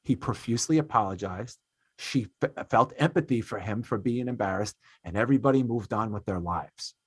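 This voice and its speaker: A man in his thirties hosting a podcast, telling a story in an animated, profane way, swinging between loud and quiet. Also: on the low side, brisk, breathy edge, dry recording. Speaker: podcast host. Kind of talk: casual podcast chat.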